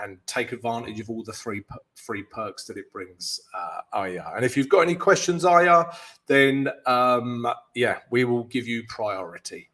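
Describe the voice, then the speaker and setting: A man's voice: mid-range voice, a bit bright. A man hosting a live forex stream, chatting loosely with viewers, greeting them and walking through his charts. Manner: chatty, loose, keeps calling viewers "guys", light jokes. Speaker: forex trading coach and live stream host.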